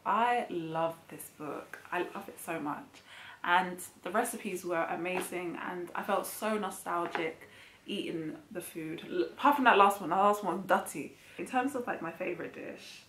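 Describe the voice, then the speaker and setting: A woman hosting a cooking channel, chatting in a casual vlog review, bubbly and excitable with slangy asides. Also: lowish voice, moderate pace, slight background noise. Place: home kitchen. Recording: echoey room.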